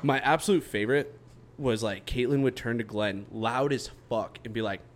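A man's voice: medium pitch, moderate pace, a little hiss or hum. A man co-hosting a casual chat, telling stories with lots of swearing and acted-out quotes. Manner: laughing storyteller, swears a lot, acts out quotes. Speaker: podcast co-host.

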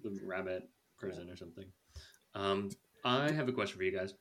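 A man's voice: sits low, fairly quick. Young man hosting a movie podcast. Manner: chatty and animated, laughs often. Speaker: podcast host. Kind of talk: casual movie review chat.

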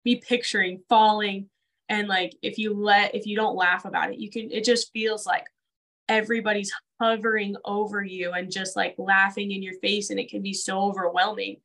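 A woman's voice: medium pitch, level tone, moderate pace, fairly bright tone, low-quality recording. A woman co-hosting a casual conversation, talking earnestly with lots of "like" fillers. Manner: earnest, filler-heavy with frequent "like". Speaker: co-host.

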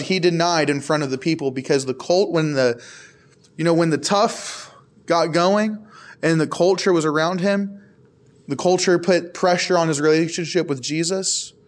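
A young man preaching a casual, conversational sermon to a youth group, with frequent asides to the crowd. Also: a little high. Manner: casual, repetitive "I can tell you" asides to the crowd.

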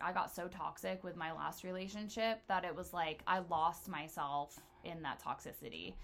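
A woman's voice: on the low side, fairly bright tone. A woman hosting a casual chat, telling personal stories in a blunt, profane way.

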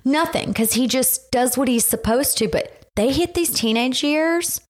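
A woman's voice: high voice, a little slow. A middle-aged woman hosting a podcast, chatting casually with blunt, wry asides. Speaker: podcast host. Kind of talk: casual chat.

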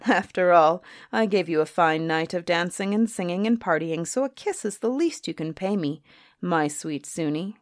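Smug young suitor, read by a woman, wheedling, low and dry. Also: lively intonation, moderate pace, no room sound, lightly acted. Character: cocky, spineless young village man.

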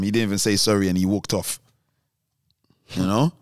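Animated young man telling a story. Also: on the low side, normal speed, dry recording, clean studio sound. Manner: animated, acts out other people's voices. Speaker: podcast co-host. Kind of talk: casual storytelling chat.

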